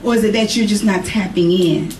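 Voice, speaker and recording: A woman preaching, her voice climbing to high emphatic calls and dropping to low conversational asides. She is heard from a distance in an echoey church with a faint hiss underneath. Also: steady tone, a little fast, darkish tone. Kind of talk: sermon to a congregation. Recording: echoey room from far off, faint noise.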